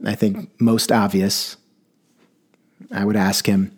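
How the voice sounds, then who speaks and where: A man's voice: fairly low pitch, little pitch movement, slow. A man telling a wry personal story about a passenger, with a dry delivery. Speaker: rideshare driver telling a story.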